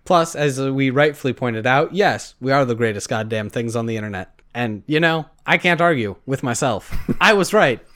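American man, podcast co-host, casual gaming chat, laid-back, easygoing swearing, middle-pitched voice. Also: animated, normal speed, few pauses, fairly bright tone. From United States.

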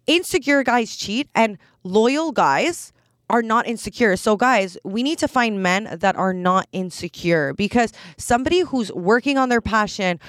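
A woman's voice: fairly high pitch, no echo, clean studio sound. A woman in her twenties hosting a casual solo podcast, talking candidly and bluntly with lots of "like" fillers. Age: 20s. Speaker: podcast host.

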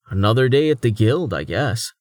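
A man's voice: mid-range voice, expressive, moderate pace, a little mellow, no echo, clean studio sound, natural voice. A man voicing an easygoing young male adventurer with a wry, dryly humorous way of talking.

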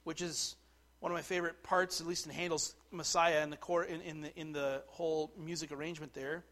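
A man preaching a sermon, dropping to quiet asides and rising to loud, slowed declarations. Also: a little high, level tone. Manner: slows right down to stress key words. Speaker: pastor.

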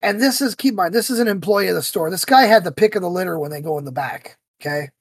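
A man hosting a podcast, telling stories in a casual, animated way and acting out the voices he quotes. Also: high-pitched, fast, slightly rough, no echo. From United States. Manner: animated storyteller who acts out quoted voices. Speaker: podcast host.

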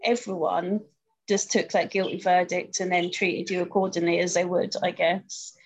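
A woman interviewing a guest, summing up his experience in a measured, reflective way. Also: on the low side, little pitch movement, a crowd in the background. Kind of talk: conversational interview. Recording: dull lo-fi sound.

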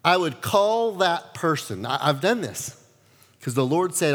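A male pastor preaching a sermon, telling stories with lively acted-out quotes. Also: on the high side, a little slow, long reverb tail. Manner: animated storytelling, acts out quotes.

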